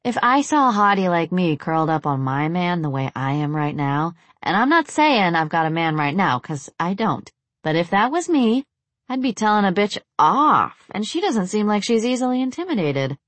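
A woman's voice: lowish voice, very animated, moderate pace, fairly bright tone, no room sound. Lady reading a cheeky young party girl, perky and teasing, dry close sound.

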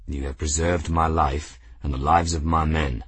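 A dignified airship captain with a formal courtesy, as a male narrator voices him. He speaks low and measured with a husky tone. Recorded dry and close. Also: little pitch movement, fairly bright tone, no room sound, exaggerated voice. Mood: grave.

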